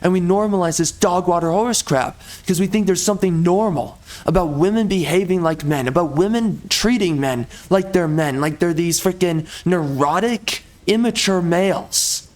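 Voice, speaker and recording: A man's voice: high-pitched, normal speed, few pauses, darkish tone. Heated, exasperated male gameplay commentator. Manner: repetitive, swaps in mild curse stand-ins. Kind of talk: ranting commentary over gameplay.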